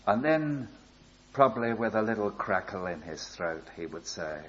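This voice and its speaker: An older man preaching a sermon, telling a story slowly and building to emphatic appeals. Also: on the low side, big pitch swings, fairly bright tone, highs cut off. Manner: slow, deliberate storytelling with rising emphatic appeals.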